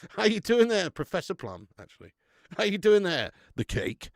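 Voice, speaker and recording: Man, thirties, live-stream host, gravelly voice, dry close sound, matey banter, laughs a lot. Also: high-pitched, sing-song, a little slow, dry recording. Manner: chatty, matey banter with viewers, laughs often. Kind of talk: casual live-stream chat.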